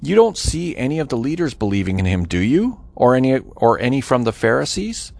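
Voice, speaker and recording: Hostile religious leaders, put on by a man fire mocking, indignant questions in a scripture reading. The voice rises high and scornful. A gravelly edge stays in it. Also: sing-song, brisk, a little mellow, dry recording.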